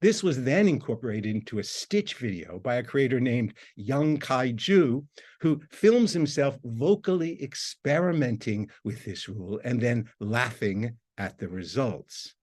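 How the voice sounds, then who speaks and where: A man, a university lecturer, reading a prepared academic talk in a measured, formal way. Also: mid-range voice, lively intonation, a little mellow.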